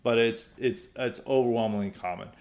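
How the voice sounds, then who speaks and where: A man's voice: medium pitch, fairly even intonation, normal speed, creaky, darkish tone. Male podcast host, young adult, casual mailbag commentary, rambling delivery, frequent restarts.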